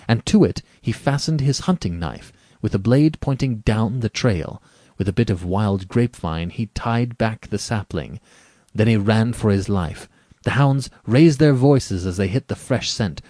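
A man narrating a story aloud in a measured, dramatic reading with varied delivery. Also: lowish voice, dark tone, no echo.

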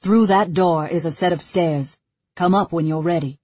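Woman voicing a dry, slow rich man. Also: lowish voice, a little mellow, breathy edge, no echo, dull audio. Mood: calm. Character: wealthy, composed older man, dry and businesslike.

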